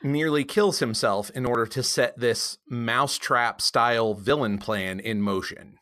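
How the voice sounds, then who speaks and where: A woman's voice: extremely low pitch, a little slow, a bit bright. A woman co-hosting a podcast, making dry, wry remarks in casual chat. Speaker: podcast co-host. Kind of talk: casual chat reviewing a TV episode.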